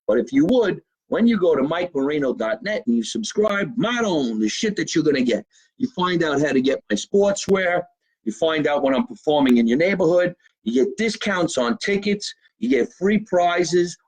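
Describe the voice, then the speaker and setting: A middle-aged male comedian speaking in a somewhat high voice, broadcasting live from his home basement. He rambles casually, swears freely, and keeps plugging his channels between stories. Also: lively intonation, normal speed, breathy edge, low-quality recording. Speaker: comedian hosting his own live show. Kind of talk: casual live-stream monologue.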